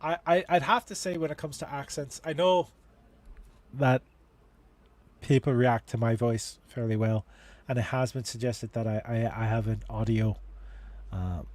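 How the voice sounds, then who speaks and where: A man hosts a casual livestream chat about relationships, in a voice pitched in the middle range for a man. He rambles, stopping and restarting his sentences and filling gaps with "uh". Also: measured pace, darkish tone, dry recording. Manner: rambling, with many restarts and fillers. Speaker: host.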